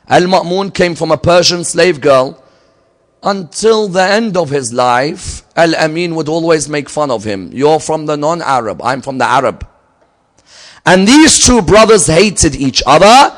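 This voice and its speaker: A man giving a religious lecture, telling a story and swinging from loud emphatic peaks to low, quiet asides. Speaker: Islamic lecturer.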